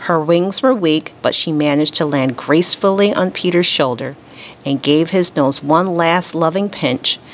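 A woman teacher reading a children's storybook aloud to her class, expressive and deliberate. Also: low-pitched, slight background noise.

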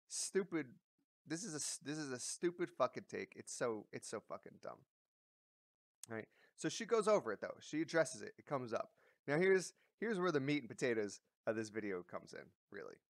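A man's voice: medium pitch, no room sound. Blunt, swearing man with a dry sound. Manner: blunt, profane, full of fillers and restarts. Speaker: commentary vlogger. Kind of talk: casual ranting commentary.

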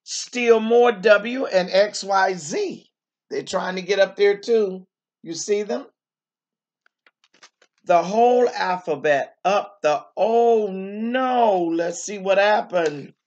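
A woman's voice: medium pitch, slow, a little mellow, lo-fi sound. A woman teacher reading a picture book aloud to young children, stopping often to exclaim and to ask them questions.

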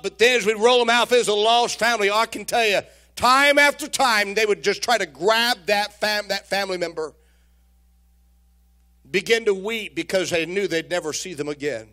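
A man's voice: high voice, pushed and bright. A man preaching a sermon in a church, telling folksy stories, joking with the congregation and often repeating his words. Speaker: pastor. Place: church sanctuary.

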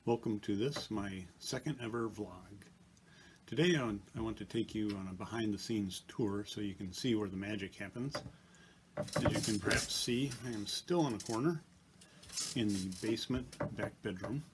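A man with a fairly low voice makes a casual vlog from a basement back bedroom, speaking at a moderate pace into a small tabletop mic on a tripod. He talks plainly to the camera with dry, self-deprecating humor, and there's some background noise.

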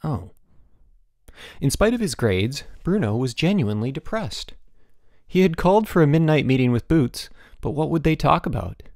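A man reading a children's novel aloud as an audiobook narrator, expressive and giving each character a voice. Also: fairly high pitch, normal speed, no room sound, clean studio sound. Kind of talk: scripted narration.

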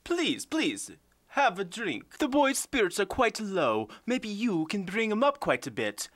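A host putting on a courtly old gentleman. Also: medium pitch, very animated, a little slow, dry recording. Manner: old-fashioned courtly phrasing. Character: genteel older gentleman matchmaker, fussy. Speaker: co-host dubbing a film clip. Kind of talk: comedic overdub.

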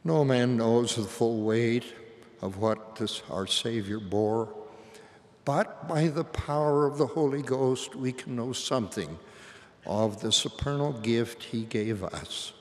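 An older man preaching a sermon to a large assembly in a slow, solemn and reverent way. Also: mid-range voice. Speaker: church leader. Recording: long hall reverb.

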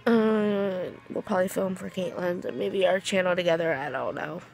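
A woman's voice: lowish voice, moderate pace, gravelly, a little mellow, faint music behind. A teenage girl chatting casually to her vlog camera, tired, rambling and restarting her sentences with giggles. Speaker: vlogger.

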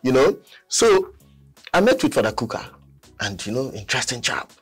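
A man, a painter telling a story as a guest, animated and laughing often. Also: medium pitch, normal speed, breathy edge, soft background music. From Nigeria. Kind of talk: storytelling in a chat.

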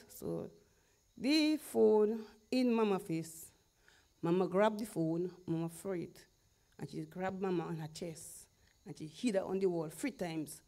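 A middle-aged woman from Dominica with a Dominican Creole English accent, giving an animated personal testimony, acting out quoted voices and laughing often. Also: on the low side, measured pace, pauses often. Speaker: testifying guest.

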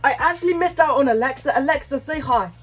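A man's voice: extremely high pitch, fast talker, fairly bright tone, faint music behind. A young man in his teens, chatting casually as he shows off his gaming setup at his desk. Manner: chatty, showing things off as he goes. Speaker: gaming YouTuber. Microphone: desk microphone.

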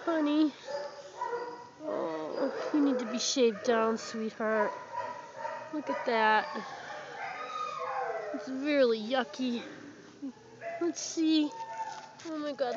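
Woman cooing softly to rescued dogs. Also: high-pitched, slow pace, pauses often. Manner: cooing, affectionate pet talk. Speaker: dog rescuer. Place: animal shelter and car. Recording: muffled lo-fi camera audio with noise.

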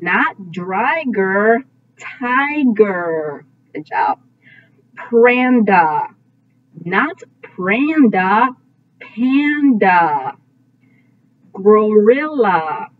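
A woman teaching a phonics lesson to young children, slowly modeling each sound and praising often. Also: mid-range voice, big pitch swings. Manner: slow, drawn-out sound modeling with frequent praise. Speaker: kindergarten teacher. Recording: tinny phone-like audio.

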